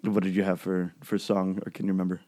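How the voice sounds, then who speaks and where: A man co-hosting a podcast, chatting casually about music in a halting, rambling way with lots of fillers and restarts. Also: low voice, completely flat delivery, warm tone. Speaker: podcast co-host.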